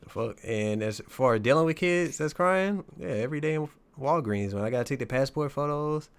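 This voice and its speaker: A man's voice: mid-range voice, expressive, clean tone. A man with a mid-range voice joins a podcast chat, starting his sentences again and again before getting to the point. His speech is blunt and full of casual swearing. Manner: halting, repeats himself, blunt swearing. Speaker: podcast co-host.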